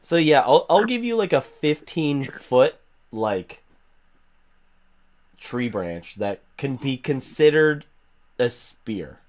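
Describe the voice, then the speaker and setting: A man's voice: mid-range voice, very animated, slow, long pauses. A man narrating as game master of a tabletop game, describing scenes casually with fillers.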